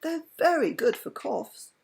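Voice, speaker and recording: A woman's voice: sits high, big pitch swings, unhurried, creaky, a little mellow, voice pushed up, full character voice. A woman voicing a timid, fussy little man who talks in a raised, fretful voice.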